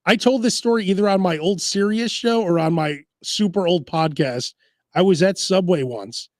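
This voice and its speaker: A man's voice: high voice, normal speed, dry recording, clean studio sound. A man hosting a casual food podcast, telling rambling stories and mimicking voices. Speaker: podcast host. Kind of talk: casual chat.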